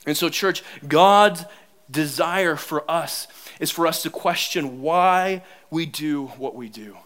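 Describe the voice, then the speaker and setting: Animated, bright-voiced male pastor. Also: fairly high pitch, takes it slowly. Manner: animated, self-mocking, laughs often. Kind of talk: sermon with humorous personal stories.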